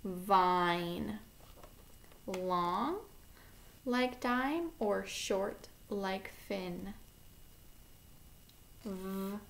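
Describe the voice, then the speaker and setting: Female kindergarten teacher, very slow careful delivery, spells sounds out letter by letter, encouraging. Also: medium pitch, vocal fry, slight background noise. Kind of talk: phonics lesson for young children.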